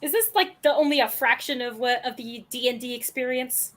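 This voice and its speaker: Bright, high-voiced chatty woman. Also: brisk. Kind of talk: casual chat.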